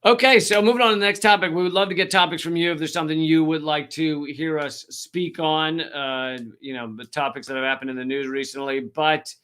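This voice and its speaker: Sarcastic man, bright and forceful. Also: on the high side, steady tone, fairly quick, few pauses, smooth. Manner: sarcastic, swears freely. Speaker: comedian and show host. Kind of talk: casual livestream chat, comedic.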